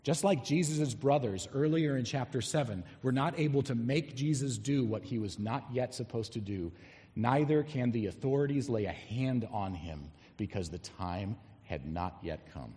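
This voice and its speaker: A man preaching an expository sermon, emphatic and animated, reading scripture aloud and explaining it to a congregation. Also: mid-range voice, moderate pace. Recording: long hall reverb.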